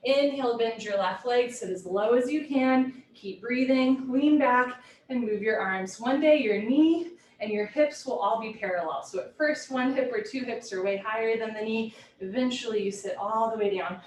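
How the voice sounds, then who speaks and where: A woman teaching a live yoga class from home, giving brisk, clipped posture cues with a light, playful touch. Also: on the high side, a little mellow, a little hiss or hum. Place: home room. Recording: roomy echo, heard from a distance.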